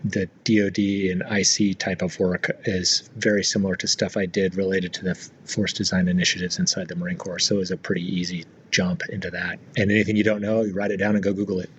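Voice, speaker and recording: A middle-aged man, a retired Marine aviator, telling his story as a guest in a relaxed, rambling way with many fillers. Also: sits low, fast talker, few pauses, highs cut off, a little hiss or hum. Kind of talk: casual storytelling interview.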